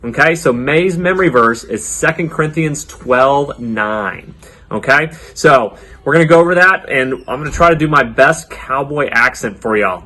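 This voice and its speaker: Bright, upbeat man leading kids' church. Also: a little high, lively intonation, normal speed. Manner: upbeat, chatty, speaks straight to kids with many fillers. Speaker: children's ministry leader.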